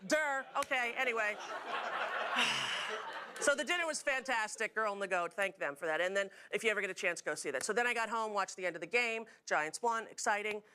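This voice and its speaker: A woman's voice: medium pitch, brisk, pushed and bright, slight background noise. A middle-aged woman hosting a talk show, telling jokey stories to a studio audience. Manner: chatty, jokey storytelling with frequent laughs.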